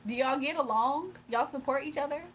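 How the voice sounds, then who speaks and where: A woman's voice: high voice, fairly quick, fairly bright tone, slight background noise. A young woman chatting casually on a livestream, reading chat aloud, laughing often and teasing her viewers. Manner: playful, teasing.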